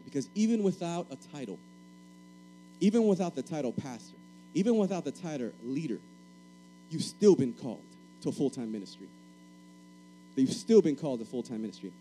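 A man's voice: mid-range voice, lively intonation, brisk, long pauses, mellow, soft background music, low-quality recording. A man from Puerto Rico preaching a sermon, emphatic and repeating key phrases, calling for answers from the congregation.

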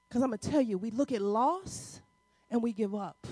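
A woman preaching to a congregation with a high, ringing voice. She talks in an emphatic, everyday vernacular, calling out to the crowd as she goes. The sound is close and dry, with little room around it. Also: normal speed, warm tone, husky, no echo. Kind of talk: sermon. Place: church before a congregation.

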